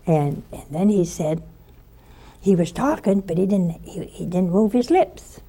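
A woman giving a spoken sermon, telling a story in an animated way and acting out the voices of the people in it. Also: on the low side, measured pace, breathy edge. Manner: animated storyteller who acts out quoted voices.

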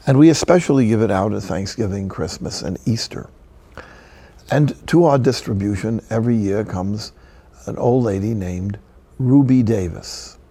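An older man, a Catholic friar and priest, delivers a broadcast sermon as measured storytelling with solemn pauses. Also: fairly low pitch, dark tone, husky, no room sound.

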